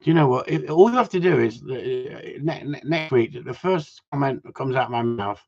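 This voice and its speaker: A man's voice: mid-range voice, lively intonation, normal speed, creaky, darkish tone. Chatty, sweary man. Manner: swears a lot, laughs often, chatty. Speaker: live stream host. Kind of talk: casual chat with viewers. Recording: dull lo-fi sound.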